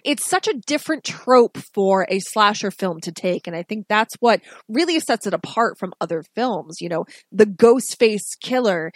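A woman's voice: mid-range voice, expressive, normal speed, hardly any pauses, dry recording. A woman co-hosting a podcast, talking thoughtfully with frequent ums. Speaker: podcast co-host. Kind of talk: casual chat.

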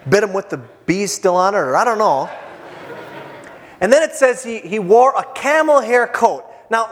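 A male pastor preaches a sermon in a high voice that swings widely in pitch, casual and joking as he stumbles through fillers and restarts. His words echo through a church hall with a long reverb.

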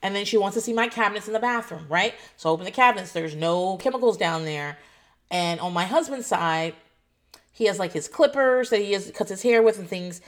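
Animated swearing woman telling a story. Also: mid-range voice, a little fast. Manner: animated, swearing, quotes others in voices. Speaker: foster parent telling a story. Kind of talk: casual storytelling vlog.

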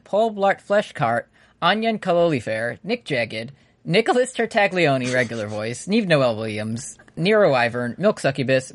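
A jokey podcast co-host reading out a long list of names and laughing along the way. The pitch moves around a lot, and the voice sounds close and dry, with no room echo. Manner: jokey, laughs often, rattles off long name lists. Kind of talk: casual podcast outro.

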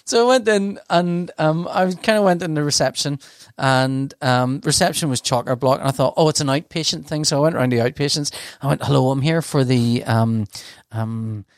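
A man's voice: on the high side, moderate pace, dry recording, clean studio sound. A man telling a long, rambling story in casual chat, often stopping to laugh and sounding flustered. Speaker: podcast host telling a story.

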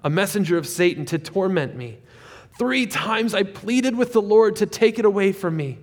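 A man's voice: high-pitched, normal speed. Preaching man with a ringing hall sound. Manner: animated preaching that swings from loud peaks to quiet asides. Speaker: pastor. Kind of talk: sermon.

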